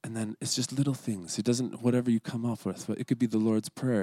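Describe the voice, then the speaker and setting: A man's voice: lowish voice, steady tone, normal speed, few pauses, warm tone, no room sound. A man giving an earnest, scripted devotional talk at a church service, sometimes dropping to a whisper for prayers. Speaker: lay speaker at a church service.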